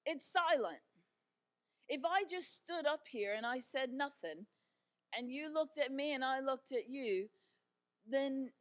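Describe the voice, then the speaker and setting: A middle-aged woman giving a talk as a guest speaker, telling personal stories in a conversational, animated way with frequent fillers. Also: sits high. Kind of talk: personal storytelling talk to an audience. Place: church event.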